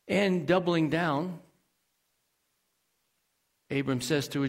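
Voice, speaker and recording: A man's voice: a little high, animated, unhurried, pauses often. A male pastor preaching a sermon in a conversational way, asking the congregation questions and adding folksy asides.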